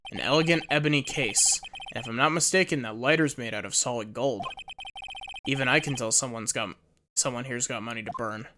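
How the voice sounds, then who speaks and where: A woman's voice: very deep voice, fairly quick, fairly bright tone, a little hiss or hum. A woman reading the lines of a young male defense lawyer, making dry, wry remarks, over game music. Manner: dry, wry remarks while looking around.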